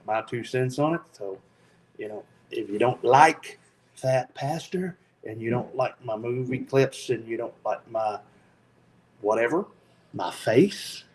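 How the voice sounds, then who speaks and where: A man with a Tennessee accent hosting a casual livestream, talking slowly with lots of ums in an easygoing, joking way. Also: medium pitch, poor audio. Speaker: FPV drone channel host.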